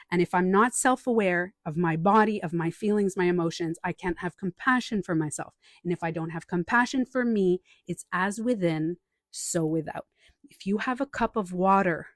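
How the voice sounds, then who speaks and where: Woman, life coach, casual live-stream talk, animated, acts out voices, repeats short phrases, dry close-mic sound. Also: mid-range voice, dry recording.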